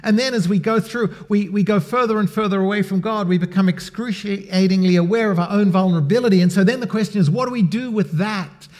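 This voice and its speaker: Aussie pastor guy, middle-aged, chatty sermon, gets loud then goes real quiet. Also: high-pitched, quick pace, hardly any pauses. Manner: conversational, swings from loud emphasis to near-whisper.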